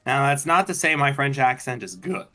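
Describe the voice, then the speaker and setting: A man's voice: mid-range voice, animated, normal speed, bright, forceful tone. A man chatting on a game stream, arguing points in a careful, lecturing way. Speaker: streamer co-host. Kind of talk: casual chat while gaming.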